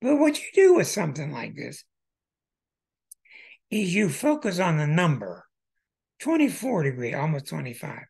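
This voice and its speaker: A man hosting an astrology show who walks through birth charts in an emphatic way, with bursts of excitement. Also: high voice, gravelly, breathy edge.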